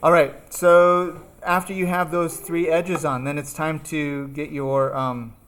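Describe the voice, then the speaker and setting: A man's voice: a little high, flat delivery, slow pace, fairly bright tone. A man teaching a craft class, talking through his steps as he works, casual and chatty. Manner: chatty, thinking aloud while working. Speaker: art instructor. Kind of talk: live classroom demonstration.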